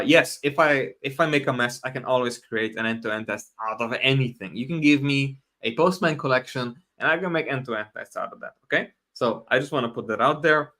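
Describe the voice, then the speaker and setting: A man talks through his ideas in a loose, conversational way, correcting himself midway and throwing in small asides. His voice sits at an ordinary middle pitch. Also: fairly bright tone. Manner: casual, self-correcting, laughs often, answers chat questions. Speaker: host. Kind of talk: live stream talk on software testing.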